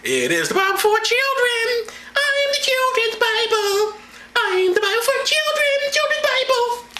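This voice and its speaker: A man's voice: extremely high pitch, very animated, normal speed, pushed and bright, a little hiss or hum, voice pushed up, exaggerated voice. A man voicing a talking children's Bible book in a childish, sing-song way. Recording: roomy echo.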